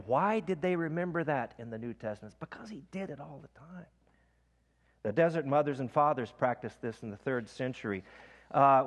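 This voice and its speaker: A male pastor preaching in a church sanctuary whose voice rings with a long reverb. He speaks at a middling pitch and slows into soft, hushed repetitions of scripture as he leads a breath prayer. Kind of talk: sermon leading a breath prayer.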